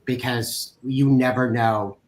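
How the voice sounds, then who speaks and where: A man moderating a real estate panel, encouraging and talking in quick bursts. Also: medium pitch, steady tone, a little hiss or hum, poor audio.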